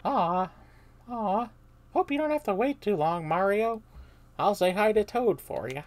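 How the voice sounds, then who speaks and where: A woman voicing an eager young male mushroom minion who is a starstruck fan, talking loud and bubbly. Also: medium pitch, lively intonation, unhurried, voice pushed up, natural voice. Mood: excited.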